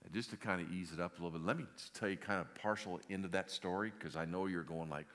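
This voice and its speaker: A man preaching a sermon, telling a story in an animated way and often repeating words. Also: sits low, fast. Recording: long hall reverb.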